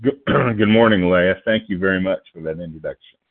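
Guest speaker, man, from Oklahoma. Deep voice, nervous, halting, keeps clearing his throat. Thin phone-line sound. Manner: halting, many fillers and restarts, clears throat. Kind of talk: phone-line recovery meeting talk.

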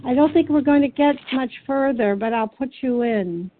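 A woman moderating a meeting, briskly working through a list of names and keeping things moving. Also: high-pitched. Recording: tinny phone line with faint hiss.

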